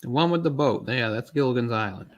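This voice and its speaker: A man's voice: mid-range voice, animated, fairly quick, muffled recording. A man giving casual live commentary on a film while feeling unwell, rambling in chatty asides with lots of fillers. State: unwell, keeps swallowing.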